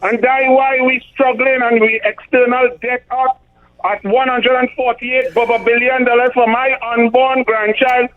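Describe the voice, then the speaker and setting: A man's voice: extremely high pitch, level tone, normal speed. A middle-aged man with a Trinidadian accent, hosting a talk radio show and giving emphatic political commentary, often stumbling over numbers. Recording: tinny phone-like radio sound.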